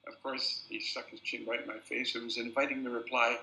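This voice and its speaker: An older man, a film director, telling anecdotes at a festival introduction as a lively storyteller who repeats words at restarts. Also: mid-range voice, a little fast. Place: festival screening venue. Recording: roomy hall sound.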